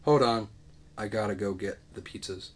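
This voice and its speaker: A man's voice: on the low side, moderate pace, close to an everyday voice. A man reading the lines of a mocking young man in a comedy script read. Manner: flat comic reading. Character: mocking young man who laughs at the killer.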